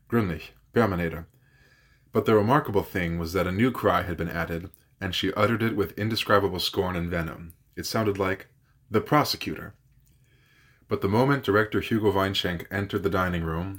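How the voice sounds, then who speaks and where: A man narrating a classic novel as a guest reader, measured, with an occasional slip and correction. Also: sits low, a bit bright. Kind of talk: audiobook narration.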